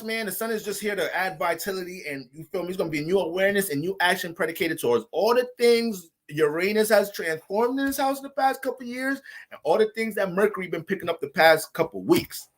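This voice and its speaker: A man hosting a casual astrology livestream, loose and profane, joking and talking straight to his viewers. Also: on the high side.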